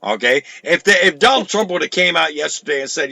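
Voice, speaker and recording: A man's voice: a little high, expressive, a little fast, vocal fry, few pauses, pushed and bright, rough recording. A man hosting a live show, ranting with heat and sarcasm and plenty of swearing. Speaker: show host. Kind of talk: profane live political rant.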